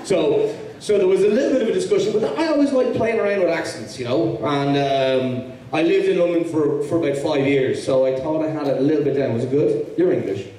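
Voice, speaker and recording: A man's voice: a little high, a little fast, few pauses, mellow. Irish man in an echoey hall. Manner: rambling, with many restarts and easy humor. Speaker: actor guest at fan convention panel. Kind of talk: casual Q&A panel talk. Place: large convention hall with audience. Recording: echoey hall, mic from far off.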